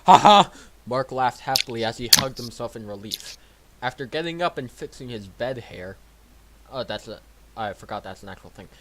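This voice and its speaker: A young man reading a story and commenting on it in a wry, lively way. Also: mid-range voice, moderate pace, slight background noise. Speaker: reader and editor.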